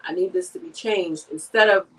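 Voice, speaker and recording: A woman co-host on a radio talk show who explains her points in a thoughtful, measured way. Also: fairly low pitch. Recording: distant from the mic.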